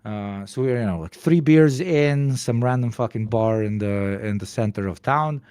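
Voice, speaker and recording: This young man talks casually, in a middle-pitched voice, rambling through a story with constant fillers and curse words. The sound is dry and close, with no room to it. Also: moderate pace, warm tone, clean tone, no echo. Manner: rambling, heavy swearing, many fillers. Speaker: stream guest.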